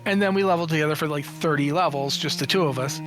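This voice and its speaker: A man in his forties, a guest in an interview, telling stories in a casual, animated, jokey way, acting out quoted lines and often restarting his sentences. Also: on the high side, fast. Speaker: interview guest, games journalist and writer.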